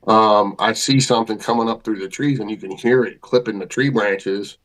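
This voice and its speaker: A man's voice: lowish voice, steady tone, normal speed, poor audio. A man, a podcast guest, telling a story in a casual, folksy way with colloquial grammar and vivid detail.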